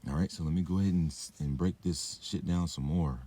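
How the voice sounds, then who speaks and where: Brief: young man, deep dark husky voice, meandering profane rant, lots of "like" and "uh", talks while drinking and smoking. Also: brisk. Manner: meandering, profane, filler-heavy. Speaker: vlogger. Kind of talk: rambling monologue rant.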